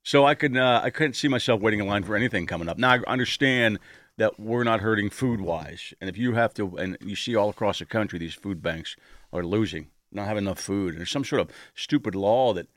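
A man's voice: lowish voice, a little fast, fairly bright tone, dry recording. A man hosting casual radio banter, rambling and crude, laughing often.

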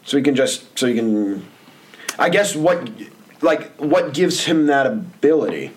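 A man's voice: mid-range voice, very animated, measured pace. A male podcast host in casual chat, rambling and jokey with many fillers.

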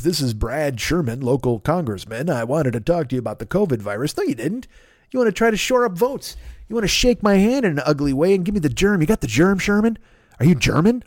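A man's voice: on the high side, a little mellow, no echo, clean studio sound. A man in his fifties ranting in a comedic podcast monologue, swearing a lot and jumping between stories. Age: 50s. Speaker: podcast host.

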